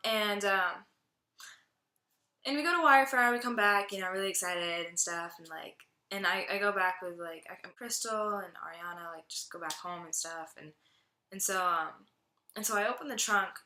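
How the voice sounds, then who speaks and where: A woman's voice: mid-range voice, bright, forceful tone. Chatty young woman in a roomy echo. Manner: chatty, heavy use of "like" fillers. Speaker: student giving a testimony. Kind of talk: personal testimony.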